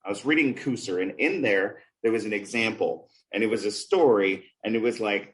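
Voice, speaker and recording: A man hosting a literacy podcast, telling classroom stories in a lively, conversational way and acting out the voices he quotes. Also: on the low side, normal speed, rough recording. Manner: animated storyteller, acts out quoted voices. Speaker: podcast host, former reading specialist.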